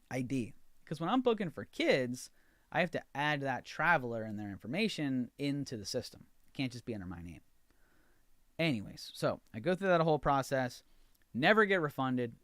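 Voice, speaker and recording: A man's voice: medium pitch, a bit bright, no room sound, studio quality. Exasperated American man ranting. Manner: exasperated storytelling, acts out both sides of conversations. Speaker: podcast host. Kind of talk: ranting monologue.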